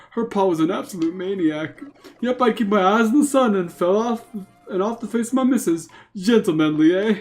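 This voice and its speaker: A man's voice: sits high, darkish tone. Man doing a rambling old turtle geezer. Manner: doddering, wandering, chuckling old-man drawl. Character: rambling forgetful old male turtle, chatty. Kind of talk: reading game dialogue in a put-on voice.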